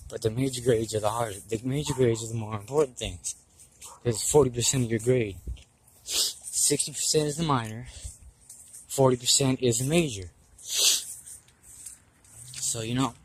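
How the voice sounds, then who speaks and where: A man's voice: medium pitch, a little hiss or hum, poor audio. A nineteen-year-old man talking in a casual vlog, rambling and frustrated, swearing a lot as he goes. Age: young adult. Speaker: vlogger.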